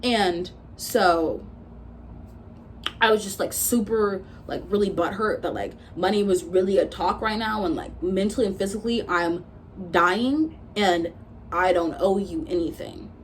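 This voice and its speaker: A woman in her twenties, speaking at a measured pace in a medium-pitched voice, vlogs a casual storytime rant; a little hiss or hum runs under the recording. She's profane and direct, quoting both sides of the arguments she describes.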